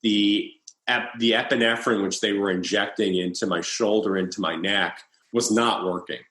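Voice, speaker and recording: A man in his thirties speaks as an interview guest, telling his own story in a halting, restarting way. His voice sits fairly low. The recording carries a noticeable roomy echo. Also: fairly even intonation, a bit bright. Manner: halting, with many restarts and fillers. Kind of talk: personal storytelling in conversation.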